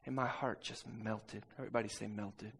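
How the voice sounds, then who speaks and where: A man preaching a sermon, telling a personal story and calling out to the congregation for responses, moving from quiet talk to shouting. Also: lowish voice, steady tone, moderate pace, creaky, breathy edge. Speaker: pastor.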